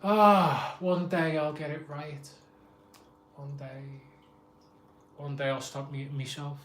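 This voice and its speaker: A man's voice: fairly high pitch, level tone, takes it slowly, fairly bright tone, slight background noise. Chatty Scouse man streaming live. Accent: Liverpool (Scouse). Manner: chatty, laughs often, self-mocking. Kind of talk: casual live-stream chat.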